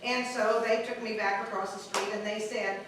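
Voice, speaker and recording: A woman's voice: medium pitch, steady tone, moderate pace. A woman telling a comic personal story in a chatty, rambling way, laughing as she goes, recorded far off in an echoey, noisy room. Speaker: storyteller at an improv show.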